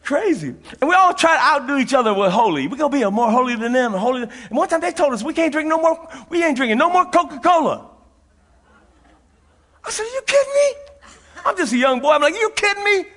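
A man's voice: very high-pitched, lively intonation, quick pace, few pauses, bright, forceful tone. A middle-aged man preaching a sermon as a pastor, telling folksy stories with frequent laughter and repeated phrases for emphasis. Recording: long reverb of a large hall.

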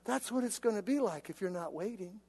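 Man, pastor, sermon, animated storyteller, conversational, long hall reverb. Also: high voice, a little fast, gravelly, husky.

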